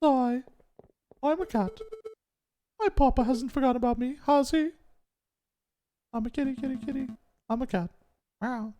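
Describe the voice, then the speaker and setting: A sweet, childlike young female cat with a cutesy, sing-song voice, as a man puts her on. She chatters brightly and girlishly, pitched far above a normal speaking voice, like a game character read aloud. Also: normal speed, long pauses.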